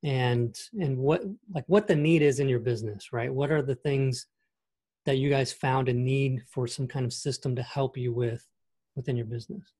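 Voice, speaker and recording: A man hosting a podcast, asking his guest a question in a relaxed, conversational way with plenty of fillers. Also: mid-range voice, moderate pace. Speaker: podcast host. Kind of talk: casual interview talk.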